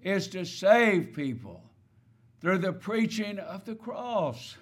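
Slow-preaching man with a higher voice. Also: very animated, breathy edge. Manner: emphatic, repeats key words, rhetorical questions. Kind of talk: sermon.

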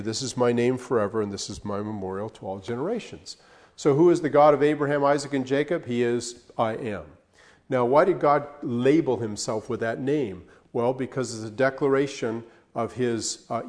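A man giving a Bible study lesson at a mid pitch. He reads verses aloud, then explains them in an unpolished, conversational way, pressing hard on key words. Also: a little mellow. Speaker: Bible teacher.

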